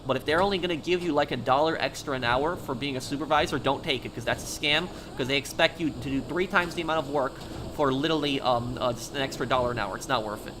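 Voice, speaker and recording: A man's voice: mid-range voice, quick pace, hardly any pauses, noisy background. A man chatting casually on a live game stream, talking straight to his viewers and answering them.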